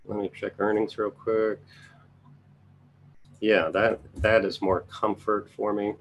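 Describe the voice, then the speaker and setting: A man's voice: fairly low pitch, flat delivery, slow pace, slight background noise. A man giving casual live market commentary, thinking aloud as he scans charts and making chatty asides to his viewers. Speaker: trading educator reviewing charts.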